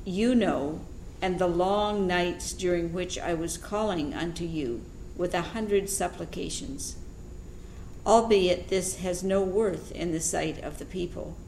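Lady reading the text out slowly, lowish voice, roomy echo. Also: darkish tone. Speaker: reader of the text. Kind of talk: reading aloud a translated text. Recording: roomy echo, faint noise.

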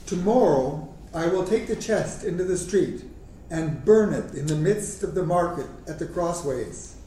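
Guy reading a grumbly poor husband, kinda high voice, echoey room far from the mic. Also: a little hiss or hum. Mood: aggrieved. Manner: slow, even reading voice. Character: poor middle-aged husband, defensive and resentful.

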